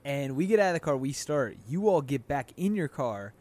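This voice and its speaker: A young man co-hosting a relaxed chat, his voice sitting a little on the high side. He tells stories with energy and acts out the quotes along the way. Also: normal speed, a little hiss or hum. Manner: animated storyteller, acts out quotes loudly. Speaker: podcast co-host. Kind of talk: casual chat.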